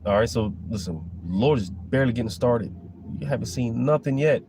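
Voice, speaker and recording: A man's voice: mid-range voice, normal speed, vocal fry, noisy background. A man giving a casual, rambling preaching monologue about scripture, full of fillers and restarts. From Florida. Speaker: religious commentator.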